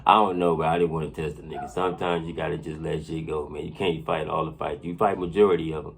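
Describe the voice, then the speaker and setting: A man with a low, rough, gravelly voice spins a profane personal story in loose podcast chatter. He is animated and laughs often, and he keeps checking in with his listeners. A faint hiss of noise sits under his voice. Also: fast talker. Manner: animated, laughing often, keeps saying "you know what I'm saying".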